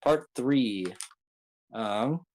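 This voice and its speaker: A man's voice: medium pitch, drawn-out words, darkish tone, poor audio. A man casually recapping a story, rambling with many ums and uhs and throwing in joking asides. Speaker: video creator recapping an anime arc.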